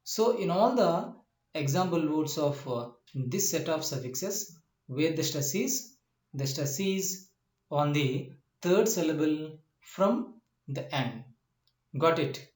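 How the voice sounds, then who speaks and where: A man's voice: on the high side, animated, darkish tone. A man teaching a lesson, explaining step by step, repeating points and often asking whether the listener understands. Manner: slow, repetitive explanations with frequent "uh" and checking questions. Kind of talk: classroom lecture. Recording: echoey room.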